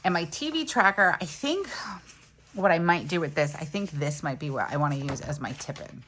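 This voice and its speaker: A woman's voice: low voice, animated, moderate pace, a bit bright, a little hiss or hum. A woman planner vlogger chatting casually as she walks through each crafting step and laughs off her small mistakes. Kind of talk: casual crafting tutorial chat.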